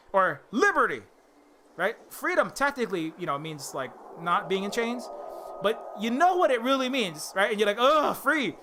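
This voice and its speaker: A man's voice: sits high, bright, forceful tone. A man on a live stream, ranting heatedly and sarcastically, stumbling over restarts and mocking people as he goes. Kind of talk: rambling political rant on a live stream.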